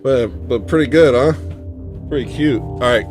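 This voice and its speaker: Brief: male streamer, mid-pitched, excitable, talks in baby talk to puppies, faint music behind. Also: normal speed. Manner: excitable, coos at newborn puppies. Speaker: livestream host. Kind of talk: casual livestream chat. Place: home with dogs.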